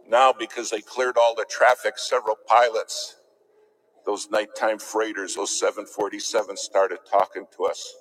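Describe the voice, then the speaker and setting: A man preaching a sermon in a church, telling a story with dramatic swings between loud emphasis and hushed near-whispers. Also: fairly low pitch, level tone, moderate pace, faint music behind, low-quality recording.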